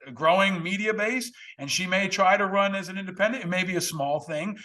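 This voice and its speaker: A man with a high, bright, forceful voice hosts a political conversation. He makes his points earnestly and bluntly and leans hard into the key words. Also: brisk. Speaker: podcast host.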